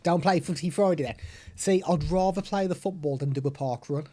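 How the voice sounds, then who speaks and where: Chatty tech vlogger, mellow tone, desk mic. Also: male voice, on the high side, brisk. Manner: chatty, hands-on explaining. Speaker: tech reviewer. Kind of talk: product demo vlog. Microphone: desktop USB/XLR microphone.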